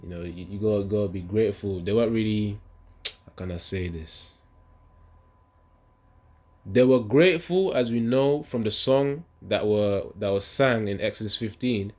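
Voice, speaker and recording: A man's voice: lowish voice, a little mellow. A man giving a casual, rambling scripture talk. He often stops to search for verses and reads them aloud with rising emphasis. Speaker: bible teacher.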